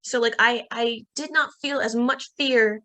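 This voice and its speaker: A fairly high-voiced young woman tells a story as a podcast guest, casually and with plenty of restarts. She brings quoted lines to life with bursts of higher pitch. The sound is dry and close, with no room around it. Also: fairly even intonation, unhurried, sharp tone, no room sound. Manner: frequent fillers and restarts.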